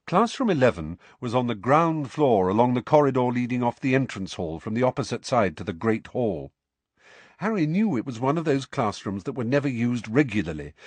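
A man narrating an audiobook in an expressive, varied storytelling manner. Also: medium pitch, normal speed, slightly rough, no room sound. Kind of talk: scripted narration.

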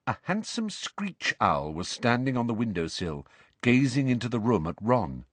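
A man narrating a storybook as an audiobook, in an expressive storytelling way. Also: mid-range voice, moderate pace, no echo. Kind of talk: scripted narration.

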